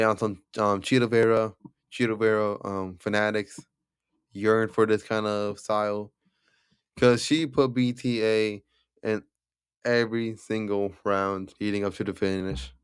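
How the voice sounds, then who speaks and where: A man's voice: lowish voice, clear, resonant tone, no room sound, studio quality. A young man casually recapping fight night results, rambling with lots of fillers, restarts and self-corrections. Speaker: MMA recap video creator.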